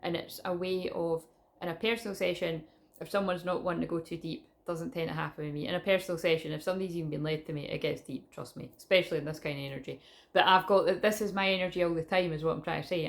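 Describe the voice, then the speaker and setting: A woman's voice: lowish voice, steady tone, fast talker. A Scottish woman, a psychic reader, chatting to camera in a casual, rambling spiritual vlog, often restarting her sentences and swearing now and then. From Scotland. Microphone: camera in front of her.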